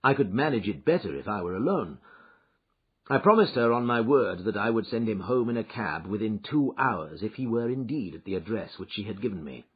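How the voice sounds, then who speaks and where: A man giving an expressive, dramatic reading of a classic detective story, in a dull lo-fi recording. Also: lowish voice, fairly quick, husky. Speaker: audiobook narrator. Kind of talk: scripted narration of a classic story.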